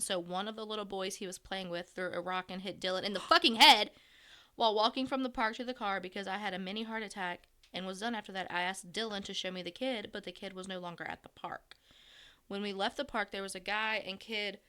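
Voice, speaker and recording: A woman's voice: mid-range voice, bright, forceful tone, smooth. A woman, co-hosting a casual podcast and reading a listener's story aloud with blunt, profane jokes. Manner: bantering, profane, dry jokes. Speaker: podcast co-host.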